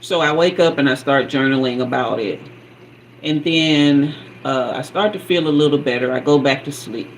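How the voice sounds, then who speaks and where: A woman host telling a personal story in a sassy, animated way, acting out sounds and quoted dialogue. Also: a bass voice, moderate pace, a little hiss or hum, rough recording. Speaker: spiritual guide and channel host.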